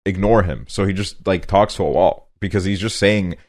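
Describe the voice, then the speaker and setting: A man with a somewhat low voice chats casually on a podcast. He rambles, strings thoughts together with constant fillers, and swears freely as he talks. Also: normal speed. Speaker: podcast host. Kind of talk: casual chat. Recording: quieter guest mic issue noted.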